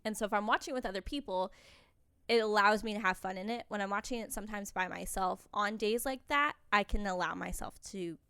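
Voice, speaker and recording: A woman's voice: medium pitch, a little fast, sharp tone, smooth, no room sound, studio quality. A young woman co-hosting a podcast, talking candidly and rambling a little, with frequent laughs. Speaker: podcast co-host. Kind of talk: casual chat.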